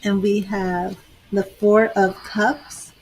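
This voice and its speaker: A woman's voice: medium pitch, little pitch movement, slow pace, slight background noise, low-quality recording. An older woman giving tarot readings on a live stream, chatting with viewers by name. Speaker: tarot reader.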